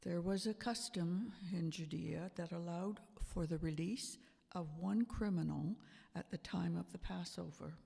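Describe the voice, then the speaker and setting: Playing Pontius Pilate in an amateur church production, this man uses a high-pitched, creaky, mellow voice with a breathy edge, heavily exaggerated. The Roman governor justifies himself defensively on the witness stand in slow, deliberate, emphatic storytelling, echoing with long church hall reverb.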